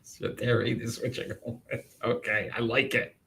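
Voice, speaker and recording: A man's voice: mid-range voice, level tone, moderate pace, fairly bright tone, slight background noise. A man co-hosting a sports picks show in casual banter, announcing the matchups and joking along.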